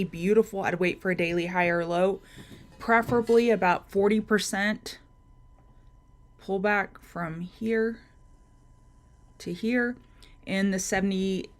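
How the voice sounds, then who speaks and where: A woman hosting a live market-prep stream, talking through charts and greeting viewers by name in a chatty way. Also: medium pitch. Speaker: trading show host.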